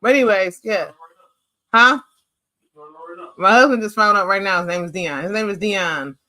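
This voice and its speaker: A man hosting a casual chat over family photos, animated and playful, rambling with lots of "like". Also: high-pitched, moderate pace, no room sound. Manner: rambling, chatty, heavy use of "like". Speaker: host.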